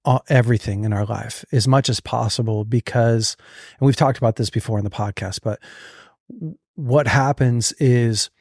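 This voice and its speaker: Man, podcast host, casual chat, animated storyteller, mid-pitched, dry close sound. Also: normal speed, no room sound. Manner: animated, acts out inner thoughts.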